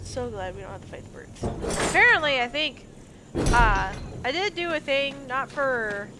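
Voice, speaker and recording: A woman in her twenties streams gameplay with casual let's-play commentary, chatty and joking and often exclaiming. Her high voice is expressive at a normal speed, with heavy background noise behind it.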